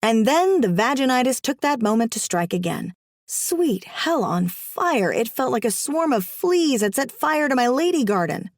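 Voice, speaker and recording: A woman narrating a first-person audiobook in a wry, comic, expressive way. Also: a little high, moderate pace, no room sound, clean studio sound.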